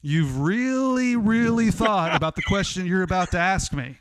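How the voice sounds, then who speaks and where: A man's voice: sits high, animated, a little hiss or hum, pitched above the performer's own voice. A man putting on the voice of an intimidating older basketball coach who drags out his words with heavy, pointed emphasis. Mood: menacing. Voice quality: slow, pointed, menacing emphasis.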